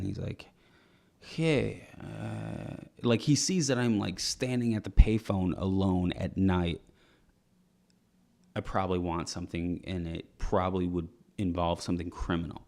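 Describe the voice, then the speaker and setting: A young podcast co-host with a low, gravelly, dark voice tells a rambling comedic story. He laughs often and performs the voices of the people in it.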